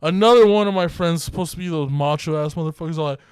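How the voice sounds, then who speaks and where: A man's voice: fairly high pitch, fairly even intonation, quick pace, darkish tone, clear, resonant tone, no echo. A young man co-hosting a podcast, telling a bar story in casual, profane, laughing chat. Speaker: podcast co-host.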